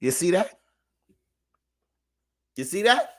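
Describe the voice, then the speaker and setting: Huge pitch swings mark this online host's preachy reaction commentary as he lectures viewers like a street preacher. Quiet muttered asides break suddenly into loud shouting, with long pauses, repeated points, and repeated calls for attention in a sermon-like manner. He speaks at normal speed in a dry, studio-quality recording.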